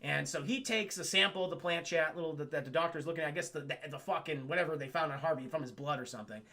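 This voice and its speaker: A man on a casual live stream recapping a cartoon, rambling and profane as he keeps turning to his chat. His voice sits high with a gravelly fry and a sharply bright edge. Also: fast.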